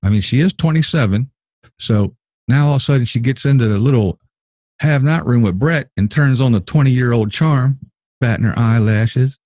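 A man's voice: mid-range voice, moderate pace, dry recording, studio quality. A man hosting a casual commentary chat about a reality show, acting out the lines of people on the show as he talks. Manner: animated, acts out houseguests' lines. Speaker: show host.

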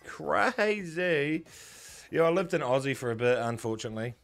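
Young kiwi guy streaming slots, swears heaps, bright crisp voice, faint music behind. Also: a little high, animated, normal speed. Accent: New Zealand. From New Zealand. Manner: swears a lot, banters with chat. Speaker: gambling streamer. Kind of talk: casual live-stream chat.

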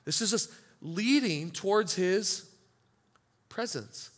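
Animated, bright-voiced male pastor. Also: high-pitched, slow, breathy edge. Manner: animated, acts out congregants' inner voices. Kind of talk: sermon.

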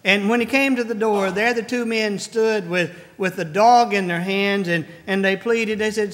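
A male pastor delivering a sermon in a slow, earnest manner, repeating key phrases for emphasis. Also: sits high, steady tone, a bit bright, long reverb tail. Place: large church sanctuary.

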